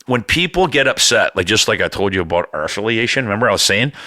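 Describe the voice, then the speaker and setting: Rambly podcast guy, bright cutting voice, swears a lot, dead dry sound. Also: lowish voice, lively intonation, quick pace, no room sound. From Canada. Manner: rambling, swearing, hums and breaks into bits of song. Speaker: podcast co-host. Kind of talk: rambling casual chat.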